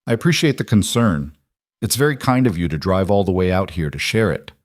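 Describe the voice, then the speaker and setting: A man voicing a composed former teacher who talks in an even, controlled way that is quietly cutting. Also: sits low, fairly quick. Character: composed former schoolteacher woman, dignified.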